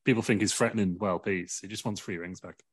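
A man's voice: deep voice, fairly even intonation, quick pace, slightly rough, no echo. A man telling a rambling comic wrestling story, laughing through his own jokes. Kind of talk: comedic storytelling.

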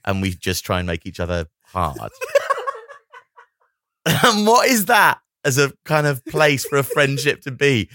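Lively laughing podcast man. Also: mid-range voice, unhurried. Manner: animated, laughs often, riffs on jokes. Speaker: podcast co-host. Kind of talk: comedic casual chat.

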